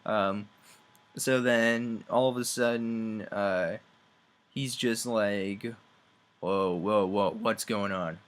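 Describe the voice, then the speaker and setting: A young man giving a rambling, sarcastic comedic game review, acting out characters in quick voices. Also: on the low side, steady tone.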